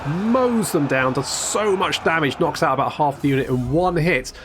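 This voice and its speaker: A man's voice: on the high side, expressive, normal speed, background noise. A man casually commentating a strategy game, wry and chatty, swearing now and then and restarting his sentences. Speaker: gameplay commentator. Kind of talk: casual let's-play commentary.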